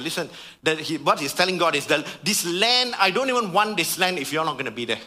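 A man preaching a sermon with a high, bright voice. He is fervent and calls out to his congregation, dropping his voice low and then lifting it for emphasis. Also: big pitch swings, fast. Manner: fervent, swings from hushed to raised emphasis. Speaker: pastor.

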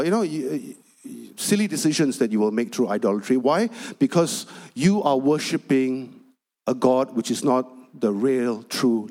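A male pastor delivers a sermon in a chatty storytelling way, full of asides to the congregation. His voice sits a little high for a man. He turns animated and emphatic when he drives his point home. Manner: chatty storytelling with frequent "you know" asides.

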